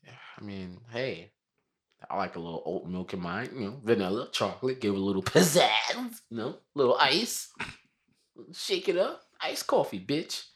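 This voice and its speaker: Laid-back man with a lively voice. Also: lowish voice, normal speed. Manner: loose, jokey, swears, shouts in bits. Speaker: podcast co-host. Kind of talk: casual chat.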